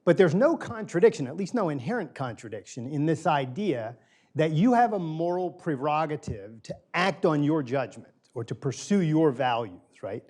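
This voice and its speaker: A man's voice: on the high side, big pitch swings, normal speed, darkish tone. A middle-aged man lecturing a small group in a room. His talk is loose and conversational, and he repeats key phrases to drive them home. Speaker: guest lecturer. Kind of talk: informal philosophy lecture. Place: small room with a live audience.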